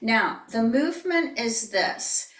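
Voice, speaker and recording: A woman teaching tai chi in an online class, calmly cueing each step and breathing out whispered healing sounds. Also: a little high, takes it slowly, distant mic. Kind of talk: online movement class instruction. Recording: echoey room, voice heard from off the mic.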